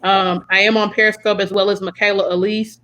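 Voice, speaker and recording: A woman's voice: mid-range voice, little pitch movement, brisk, bright, forceful tone, low-quality recording. A young American woman hosting a casual podcast chat, friendly and full of fillers. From United States. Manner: chatty, friendly, lots of fillers. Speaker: podcast host.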